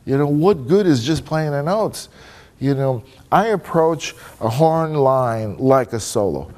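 A man's voice: medium pitch, lively intonation, takes it slowly, a little mellow. A man speaking as a guest trumpet player in a casual panel discussion, talking in a loose, candid way. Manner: loose and candid, peppered with "you know" and "man". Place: conference room before an audience.

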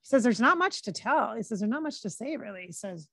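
A woman working as a psychic medium, talking casually and relaying quotes in her own plain voice with frequent pauses and restarts. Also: fairly high pitch, lively intonation, creaky, fairly bright tone, husky, no echo. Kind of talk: casual channeling session monologue.

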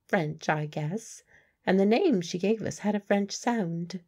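A woman's voice: mid-range voice, takes it slowly, a little mellow. A woman narrator voicing a guarded, blunt working-class woman medium in an audiobook.

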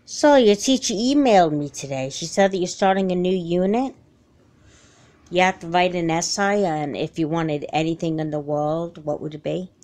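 A woman playing a gentle mother in a home-made doll film, patient and warm-hearted but firm when she needs to be. She talks softly and coaxingly in a fairly low voice, reassuring her child again and again. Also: normal speed, close to an everyday voice. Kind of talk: amateur doll film voice acting.

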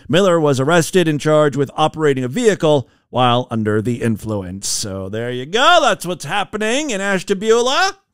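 Man, podcast host, wisecracking, animated pitch, high voice. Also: clear, resonant tone, dry recording, clean studio sound. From Ohio, USA. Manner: sarcastic, jokey asides. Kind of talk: comedic commentary on a news clip.

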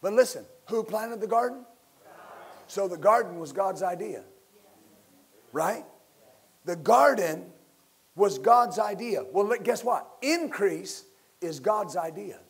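A man preaching a sermon as pastor, building to loud emphatic bursts and leading his listeners in call-and-response. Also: high-pitched, expressive, slow, pauses often, husky.

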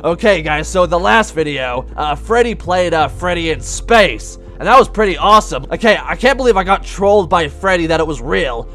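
Man playing a gravelly hot-headed pirate fox. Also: sits high, lively intonation, normal speed, few pauses, soft background music. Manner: pirate talk, hot-tempered, loud outbursts. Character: brash male animatronic pirate fox. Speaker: let's play gamer in character.

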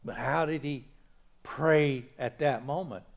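A man preaching a sermon in a church, folksy, moving from quiet asides to loud exhortation. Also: fairly high pitch, moderate pace. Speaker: pastor.

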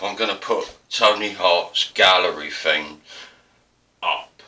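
Low bright-voiced man with an Essex accent. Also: slow pace, distant mic. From Essex, South East England. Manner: rambling, self-deprecating, digressive. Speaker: artist demonstrating printmaking. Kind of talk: casual tutorial narration.

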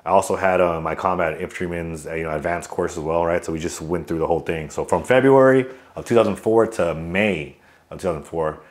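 Man, 30s, from California, very low voice, army veteran guest, rambling casual storyteller. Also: brisk. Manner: loose, rambling, with many fillers and restarts; outgoing joker telling stories.

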